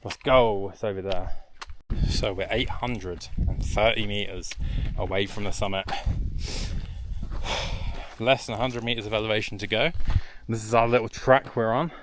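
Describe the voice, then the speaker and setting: A man's voice: lowish voice, steady tone, measured pace, pauses often, background noise. Chatty man vlogging on a mountain hike. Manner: rambling, chatty, swears freely. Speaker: hiking vlogger. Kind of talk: casual vlog chat. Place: outdoors on a high mountain trail.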